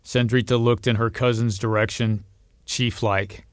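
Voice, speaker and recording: Smooth-voiced male audiobook narrator. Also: measured pace, no echo, clean studio sound. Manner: steady storytelling, lifts pitch and volume for quoted voices. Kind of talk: audiobook reading.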